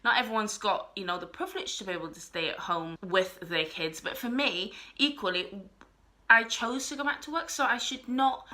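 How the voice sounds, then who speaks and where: A woman's voice: mid-range voice, sharp tone. A young woman vlogger talking casually to camera, earnest and a little rambling.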